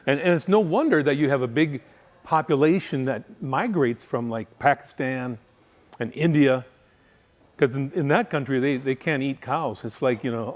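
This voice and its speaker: A middle-aged man from Wisconsin, a guest speaker giving a humorous, rambling talk to a men's group with deadpan asides. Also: mid-range voice, moderate pace. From Wisconsin, USA. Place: coffee shop.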